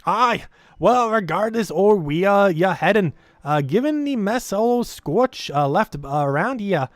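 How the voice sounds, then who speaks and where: A man putting on a high, loud dwarf brogue. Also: lively intonation, unhurried, no room sound, studio quality. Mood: gruff, helpful. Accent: put-on Scottish-style dwarf brogue. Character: gruff male dwarf companion.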